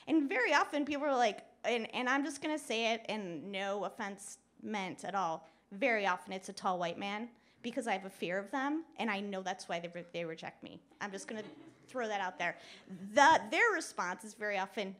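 A woman telling a story on stage at a live show, chatty and animated, laughing often and using lots of "like" and "you know". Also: on the high side, moderate pace. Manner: laughs often while talking. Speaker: guest speaker. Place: live show at a club venue.

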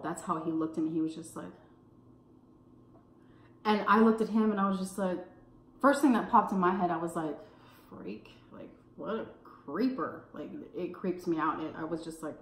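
A woman from California telling a casual story while eating, full of "like" fillers and pauses to savor her food. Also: lowish voice. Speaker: food vlogger. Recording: roomy echo.

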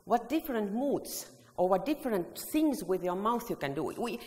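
A very animated woman with a mid-range, slightly mellow voice speaks at normal speed while leading a singing workshop. She presents choir education in a large, long-reverb hall, taking the audience through vocal exercises and frequently singing phrases.

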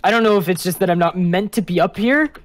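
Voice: mid-range voice, fast. A streamer and game master bantering casually, jokey and swearing now and then.

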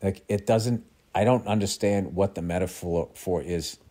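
A man hosting a show, casually retelling a film scene in a rambling, profane, animated way. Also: low voice, moderate pace. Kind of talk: casual storytelling.

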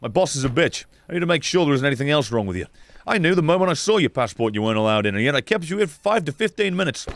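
A young man playing a video game and commenting as he goes, sarcastic and swearing, dropping to mutters and then shouting. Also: fairly high pitch, sing-song, rapid-fire. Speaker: gaming streamer.

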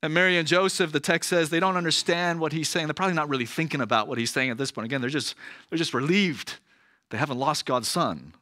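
A man's voice: fairly high pitch, quick pace, bright, forceful tone, no echo, clean studio sound. A male pastor preaching a sermon in a conversational manner, often checking in with listeners. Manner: conversational, frequent "right?" asides.

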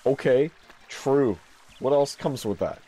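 A man's voice: medium pitch, lively intonation, takes it slowly, mellow. A man giving casual, profane, joking commentary while playing a video game. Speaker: streamer.

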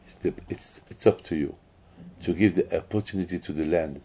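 A man with a low, mellow, husky voice preaches an emphatic sermon as a rabbi, speaking fairly quickly. He repeats himself and keeps restarting, and the lo-fi recording sounds dull.

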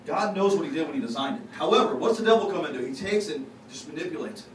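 High-voiced pastor preaching in an echoey church. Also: male voice, animated, fast. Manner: folksy, confessional, jokes with the congregation. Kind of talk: conversational sermon. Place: church sanctuary. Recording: echoey, distant, noisy church recording.

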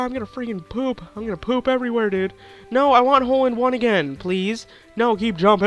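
A man's voice: very high voice, brisk, fairly bright tone, soft background music. A young man with a sore throat giving hyper, giggly, crude gameplay commentary, rambling on. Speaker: gaming YouTuber.

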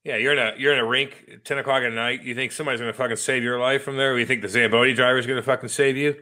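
Quick cursing podcast dude, bright sharp voice, jokey stories. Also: male voice, medium pitch, fairly even intonation. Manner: rapid, profane, joking storyteller. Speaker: podcast co-host. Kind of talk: casual podcast banter.

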